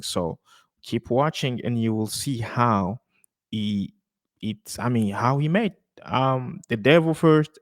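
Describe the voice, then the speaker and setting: Slow-talking man hosting a podcast. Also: mid-range voice, no room sound, studio quality. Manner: loose and chatty, laughs often, fillers and restarts. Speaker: podcast host reacting to a clip. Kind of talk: casual commentary.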